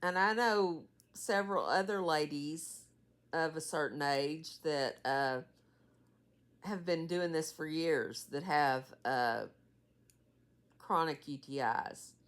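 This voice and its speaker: Low, slow-talking woman in her sixties. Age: 60s. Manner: rambling, many fillers and trailing asides. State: tired, yawning. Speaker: caregiver for her mother. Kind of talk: casual vlog update.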